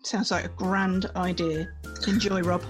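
A woman co-hosting a casual film review podcast, relaxed and easygoing. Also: on the low side, unhurried, soft background music, rough recording. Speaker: podcast co-host.

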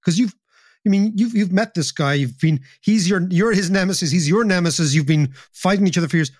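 A man's voice: high voice, fairly quick, a little mellow, no room sound, studio quality. A man hosting a podcast interview, asking probing questions with stammering restarts. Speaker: podcast host.

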